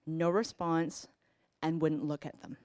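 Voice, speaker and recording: A woman's voice: sits low, flat delivery, a little slow, darkish tone, no echo, clean studio sound. A woman in her forties telling a personal family story, earnest and reflective, acting out bits of dialogue.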